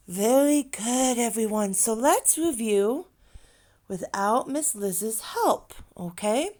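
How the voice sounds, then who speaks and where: A woman teaching young learners, sounding out words slowly, prompting them to repeat and praising them often. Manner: slow, drawn-out teacher talk, lively pitch, praises and prompts. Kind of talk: children's online lesson.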